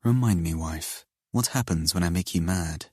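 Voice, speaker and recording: A man voicing a dominant, possessive husband in an audiobook, speaking in a low, hushed, commanding way. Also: moderate pace, husky, no room sound, studio quality.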